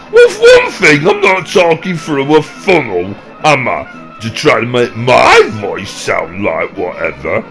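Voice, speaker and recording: A young man with a Yorkshire accent bickering and joking through improvised comedy banter, often shouting and squabbling. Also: medium pitch, poor audio. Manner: rowdy, squabbling, swears mildly. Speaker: channel host.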